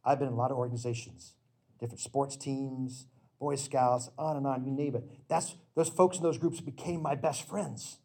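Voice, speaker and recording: A middle-aged man preaching a sermon with slides, in an earnest, emphatic storytelling manner that breaks into sudden loud bursts. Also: medium pitch, steady tone, normal speed, vocal fry, breathy edge.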